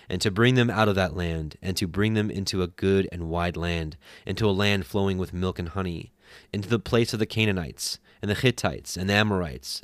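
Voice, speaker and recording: A man voicing God, who speaks from a burning bush in a slow, grave and commanding way. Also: low-pitched, no room sound, studio quality, lightly acted. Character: solemn divine voice of God from a bush.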